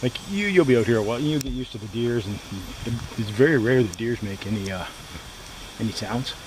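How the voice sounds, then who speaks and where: A man casually chatting to the camera at a campsite in the woods, rambling and repeating himself in a relaxed way. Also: medium pitch, brisk. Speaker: outdoor vlogger. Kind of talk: casual solo camping vlog. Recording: outdoor recording with steady background noise.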